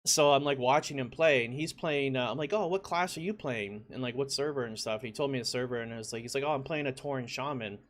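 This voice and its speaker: A man at a mid pitch tells a gaming story in a loose, rambling way, leaning on filler words as he goes. When he acts out his own reactions he bursts into loud, excited shouts. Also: fast talker, few pauses. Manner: lots of "like" fillers, conversational. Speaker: gaming YouTuber. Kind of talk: casual storytelling.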